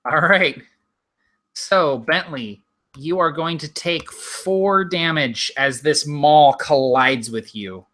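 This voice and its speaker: A man running a tabletop game as game master, narrating in an unhurried, descriptive way with frequent ums. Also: on the high side, fairly bright tone.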